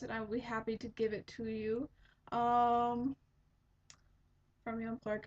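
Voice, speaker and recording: A woman in her twenties hosting a podcast, chatting in a rambling way with lots of ums. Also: a little high. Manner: rambling, chatty, many fillers. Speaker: podcast host. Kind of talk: casual chat. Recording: dull lo-fi home recording.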